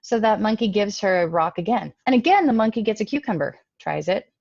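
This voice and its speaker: A woman's voice: medium pitch, animated, fairly quick, creaky, darkish tone, dry recording, highs cut off. A woman giving a casual, emphatic talk to parents over a computer mic. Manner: conversational, emphatic. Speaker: presenter speaking to parents.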